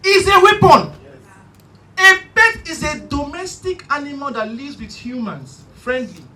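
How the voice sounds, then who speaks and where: Male stand-up, animated storyteller, very lively pitch, recorded in a roomy venue. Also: unhurried. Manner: animated, shouty storytelling with bursts of preaching. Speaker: stand-up comedian. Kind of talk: stand-up comedy set. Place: live comedy stage. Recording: echoey hall, mic at a distance, faint room noise.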